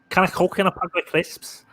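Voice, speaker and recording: A man's voice: sits high, monotone, moderate pace, a bit bright, dry recording. A man chatting over a video call, telling stories in a rambling, stop-start way. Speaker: guest.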